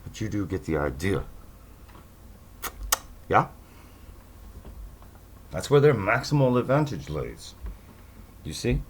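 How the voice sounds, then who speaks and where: A man's voice: lowish voice, big pitch swings, takes it slowly, long pauses, a little hiss or hum. A man hosting a casual monologue for his listeners, talking in a sarcastic, rambling way with mocking asides. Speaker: podcast host.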